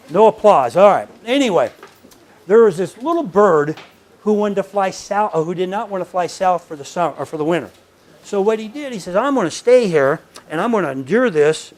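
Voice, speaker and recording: Earnest storytelling man lecturing. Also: high-pitched. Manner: earnest, storytelling, swings from hushed to loud. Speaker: lecturer at professional workshop. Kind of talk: conversational lecture. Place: lecture room before a live audience.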